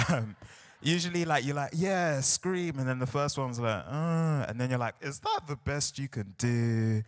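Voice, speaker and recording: A young man with a South London accent, performing spoken word poetry and bantering playfully with a live crowd. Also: lowish voice. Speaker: poet. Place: large hall on stage with audience. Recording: live hall recording with long reverb.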